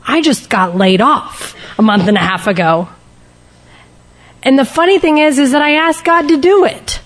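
A woman's voice: sits high, normal speed. A woman speaking candidly and emotionally to a recovery group, sharing her personal testimony and shifting her pace for emphasis.

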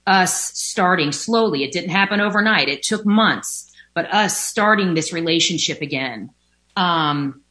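A woman who is a recovering alcoholic shares her story at home by a window, speaking candidly about her recovery from addiction. Her voice is fairly low, animated, and sharp-toned, and she's unhurried, using many fillers and the odd swear word in this personal recovery testimony.

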